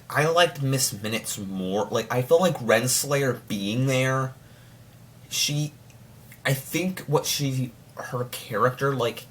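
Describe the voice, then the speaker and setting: A young man in casual chat, reviewing a TV show with lots of restarts and fillers, now and then breaking into mock voices. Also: on the low side. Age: young adult. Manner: rambling, many restarts and filler words; excitable, slips into mock voices.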